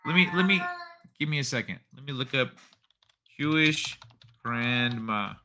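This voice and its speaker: A man's voice: mid-range voice, animated, a little slow, pushed and bright, slight background noise. A man hosting a livestream, chatting casually and reading out viewer comments in a rambling way. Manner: rambling, thinks aloud, frequent restarts. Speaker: livestream host.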